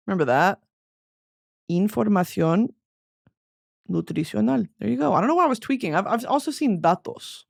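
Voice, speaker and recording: A woman's voice: mid-range voice, animated, normal speed, vocal fry, pauses often. A young woman with a Southern US accent hosting a casual solo podcast chat, rambling and swearing through flustered outbursts. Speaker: podcast host.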